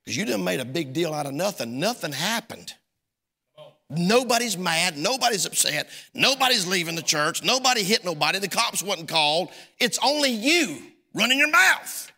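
A man's voice: high-pitched, sing-song, normal speed, bright, forceful tone, in a large hall. A man preaching a sermon as pastor, telling a folksy story and acting out both sides of a conversation. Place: church sanctuary.

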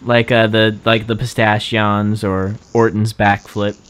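A man's voice: fairly low pitch, level tone, unhurried, a bit bright, clean tone. A young man co-hosting a casual podcast chat, rambling with lots of fillers and frequent laughter. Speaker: podcast co-host.

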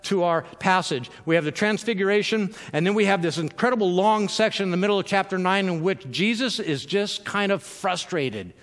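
A male pastor preaching in an easy, chatty way. His voice sits a little high, and it trails off into a long hall echo. He keeps stumbling over repeated words and fills the gaps with ums. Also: moderate pace, hardly any pauses, a bit bright. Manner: conversational, filler-heavy, self-interrupting with repeated words. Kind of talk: sermon.

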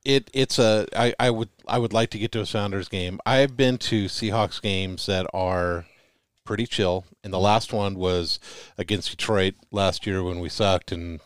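A man's voice: lowish voice, a little slow, clean tone, dry recording, clean studio sound. A man co-hosting a casual sports chat, easygoing and rambling with fillers. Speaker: co-host.

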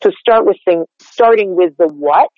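An American man working as a dialect coach, explaining his technique in an animated, chatty way and acting out example lines. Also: high-pitched, moderate pace, no room sound, highs cut off. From United States. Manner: animated, explanatory, demonstrates lines aloud, many fillers like "like". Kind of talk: interview guest explaining technique.

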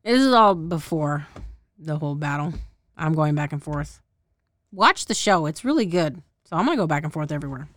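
Low-pitched and animated, a podcast host speaks at normal speed while casually recapping a show. She's rambling and profane, laughs a lot, and often loses names and details, in a dry, studio-quality recording.

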